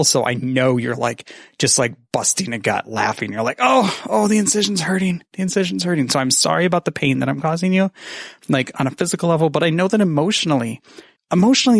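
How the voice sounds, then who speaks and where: Guy with a gravelly voice doing deadpan dad jokes, dry close sound. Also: fairly high pitch, no echo. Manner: deadpan bad puns, swearing, self-mocking. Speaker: podcaster sending a message. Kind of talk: recorded message, joking monologue.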